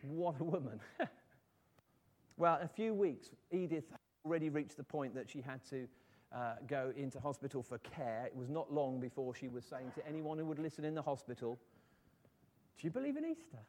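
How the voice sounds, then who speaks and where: A man's voice: mid-range voice, fairly even intonation, moderate pace, a little mellow. A man preaching a sermon, telling a story in an earnest voice and rising to fervent appeals.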